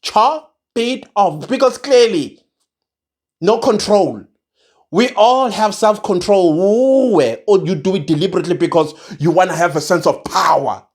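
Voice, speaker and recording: Speaking at a moderate pace in a mid-range, slightly mellow voice, a furious South African-accented commentator rants passionately at his audience. He blends in isiZulu and keeps repeating phrases for emphasis.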